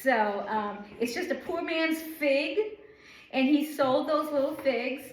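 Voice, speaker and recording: A woman's voice: sits high, expressive, slow pace, background noise. A middle-aged woman from the northern United States teaching an informal Bible study, rambling and chatty with many fillers. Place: church room. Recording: echoey room.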